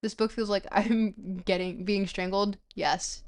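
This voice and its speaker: Woman streamer reading a book aloud, slow and halting, tired, stumbles over foreign words. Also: medium pitch, steady tone, a little mellow. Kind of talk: casual live-stream reading with chat.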